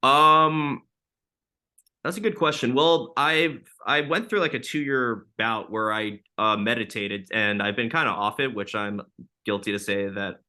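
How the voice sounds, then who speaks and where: Male guest, late twenties, bright tense tone, casual rambling talker. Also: medium pitch, measured pace. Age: 20s. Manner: loose, filler-heavy talk with many likes and ums. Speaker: podcast guest. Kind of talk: casual interview chat.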